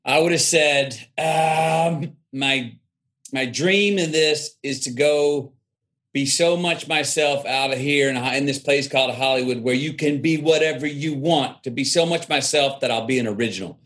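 A Texan guest in a storytelling interview speaks a little slowly in a medium-pitched, fairly bright voice. He drawls reflectively and acts out the people he quotes.

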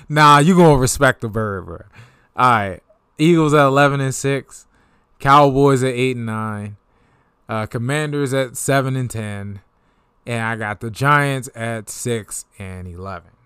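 Slow-talking trash-talking sports host, man. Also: mid-range voice, smooth, dry recording, studio quality. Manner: trash-talking, animated, laughs at rivals. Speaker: sports talk show host. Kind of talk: casual sports talk.

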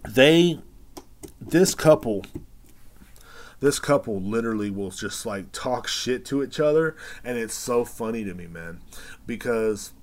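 A man hosting a podcast, telling rambling, profane stories in a casual monologue full of fillers. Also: medium pitch. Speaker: podcast host.

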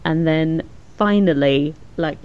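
A woman's voice: deep voice, slow. A woman co-hosting a podcast, recapping an episode in casual chat, laughing often and acting out characters' lines. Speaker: podcast co-host. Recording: dull lo-fi sound with faint noise.

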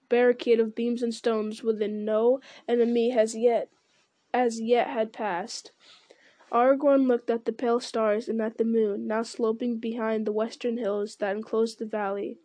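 A woman reads a fantasy novel aloud at a steady pace, now and then stumbling on a word and going back. Her voice sits fairly high, and the sound is dry with no room echo. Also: a little slow. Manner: steady reading with small stumbles and self-corrections. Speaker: reader.

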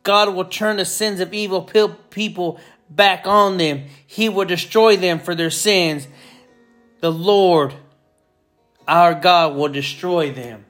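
A man's voice: high-pitched, slow, fairly bright tone, soft background music. A man preaching a sermon with fervor, repeating phrases and building in intensity. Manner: fervent, repetitive, builds in intensity.

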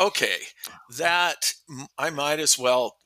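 Man, podcast co-host, thoughtful, dry sarcasm, crisp bright voice, dry sound. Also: a little high, slow, dry recording, rough recording. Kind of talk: casual conversation. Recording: dry close mic.

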